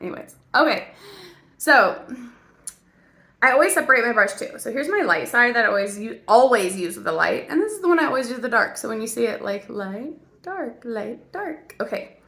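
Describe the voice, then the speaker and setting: A very animated woman with a slightly high, pushed, bright voice talks briskly through her makeup routine. She's an actress and mom, an adult parent, joking around and chatting right to her viewers in a laid-back makeup tutorial.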